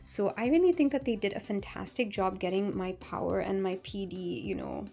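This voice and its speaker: A woman's voice: medium pitch, sing-song, moderate pace, dark tone. A woman vlogger chatting casually through a product review, gushing and full of fillers. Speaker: beauty vlogger.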